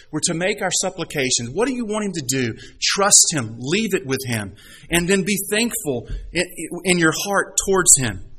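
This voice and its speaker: Pastor, middle-aged man, mid-pitched voice, preaches with stories and rhetorical questions. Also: a bit bright, breathy edge, poor audio. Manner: storytelling with rhetorical questions and scripture readings. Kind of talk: sermon.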